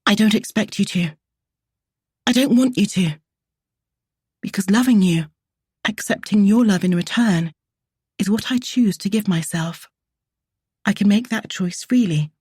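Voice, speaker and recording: A woman's voice: mid-range voice, measured pace, long pauses, darkish tone, slightly rough, no room sound, studio quality, voice pushed up. A woman voicing a passionate, independent woman painter in a romance audiobook. She speaks earnestly and emotionally, and her voice shakes. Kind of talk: audiobook character voice.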